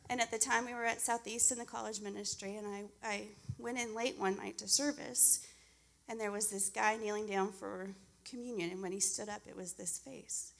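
A woman's voice: medium pitch, fairly even intonation, normal speed, creaky, fairly bright tone. A woman in her forties giving a heartfelt personal testimony at a church service. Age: 40s. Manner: earnest, heartfelt storytelling.

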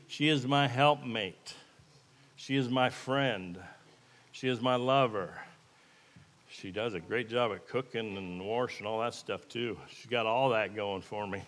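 A lay preacher gives an informal, plain-spoken sermon with a live demonstration, earnest and folksy. His voice is mid-range with a fairly bright tone, captured in an echoey hall with long reverb.

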